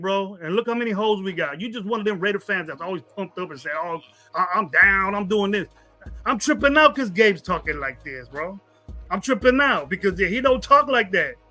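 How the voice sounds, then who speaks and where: High, bright-voiced man arguing football. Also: expressive, a little fast, soft background music. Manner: profane, argumentative, repeats words when worked up. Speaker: podcast co-host. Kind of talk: heated casual sports talk.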